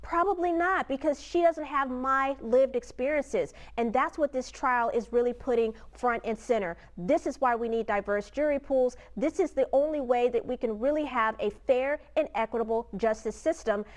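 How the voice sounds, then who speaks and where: A woman's voice: high voice, normal speed, few pauses. A woman legal analyst giving direct, emphatic commentary on a trial for a news program.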